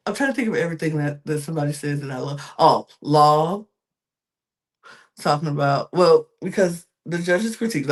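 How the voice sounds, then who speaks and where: Chatty podcast host with a gravelly fry. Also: medium pitch. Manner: chatty, gossipy, trails off into fillers; addresses viewers directly. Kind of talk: casual reality-TV recap.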